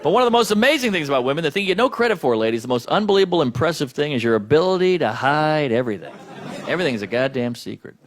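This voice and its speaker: A man's voice: fairly high pitch, lively intonation, rapid-fire, some chatter behind. A man doing a stand-up comedy routine on a club stage, brash and profane with punchy delivery, laughter from the audience. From United States. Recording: noisy live club recording.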